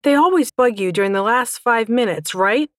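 A woman voices a smug male goblin in an audiobook, lifting her pitch above her usual voice. He is glib and teasing, talking down with an aloof ease, in a dry, close recording. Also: animated, moderate pace, a bit bright, no echo. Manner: glib, teasing, calls everyone babe. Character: smug, cheeky male goblin tech officer.

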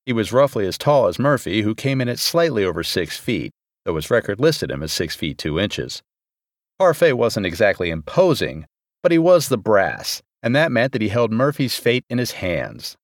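Guy reading a story out loud, lively pitch, super dry close sound. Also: normal speed, dry recording. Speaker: narrator. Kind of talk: audiobook narration.

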